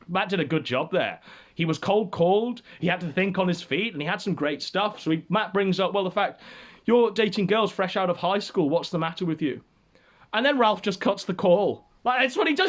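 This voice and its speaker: A man hosting a livestream, giving sardonic, theatrical commentary. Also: sits high. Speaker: show host.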